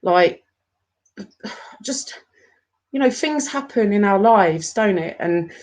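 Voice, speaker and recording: A woman in her forties, talking to her viewers in an upset, halting rant, often stopping and repeating herself. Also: mid-range voice, lively intonation, darkish tone. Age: 40s. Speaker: YouTuber. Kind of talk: emotional live-stream rant.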